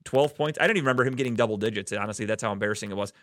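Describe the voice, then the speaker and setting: A man's voice: lowish voice, very fast, a bit bright, no echo. Man ranting profanely, dry sound. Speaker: podcast host. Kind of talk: casual sports podcast rant.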